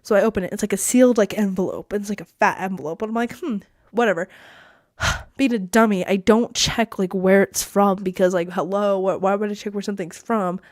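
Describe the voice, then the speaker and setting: Teen girl podcast host, medium pitch, bubbly and chatty, dry sound. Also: fairly even intonation, a little fast, darkish tone, no echo. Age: teens. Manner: bubbly, chatty, says "like" a lot. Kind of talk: casual storytelling. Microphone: podcast mic that cuts out.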